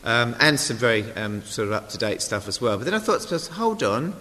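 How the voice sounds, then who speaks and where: A man's voice: medium pitch, animated, fast talker, bright, forceful tone. A man giving an informal sermon, chatty and self-deprecating, with asides to the congregation. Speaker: lay preacher. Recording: long hall reverb.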